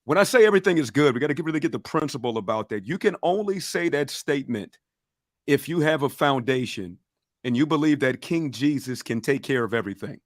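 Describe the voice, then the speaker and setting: A man with a Southern accent, speaking at a middling pitch. He coaches an online audience with preacher-like fire and calls for them to repeat after him. The sound is close and dry. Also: animated, a little fast, dry recording. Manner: fired-up, preacher-like, asks for call-and-response. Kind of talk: motivational teaching on a livestream.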